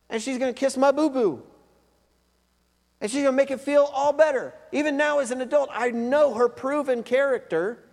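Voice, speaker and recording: A man preaching a sermon as pastor, emphatic and conversational, often repeating his points. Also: very high voice. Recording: long reverb of a large hall.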